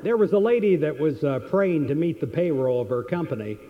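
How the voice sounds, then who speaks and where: A man's voice: a little high, lively intonation, fairly quick. A man giving a motivational seminar, telling stories earnestly and repeating his key questions, on a dull lo-fi recording. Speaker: seminar speaker. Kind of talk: motivational seminar talk with storytelling.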